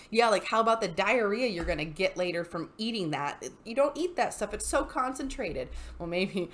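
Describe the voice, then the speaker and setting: Exasperated, animated woman reacting to posts. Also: medium pitch, moderate pace, hardly any pauses. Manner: exasperated and animated, laughs often. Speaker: YouTuber reading and reacting to Reddit posts. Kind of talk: casual comedic commentary.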